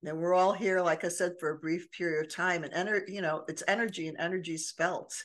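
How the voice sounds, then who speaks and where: An older woman co-hosts a podcast, telling personal stories in casual, earnest chat with many restarts. Her voice is lowish with fairly even intonation, and she talks a little fast.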